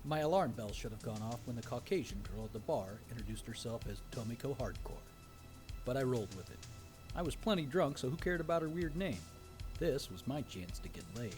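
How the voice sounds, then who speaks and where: A man's voice: medium pitch, expressive, a little fast, over music. A man narrating a horror story in a wry, dry storytelling manner.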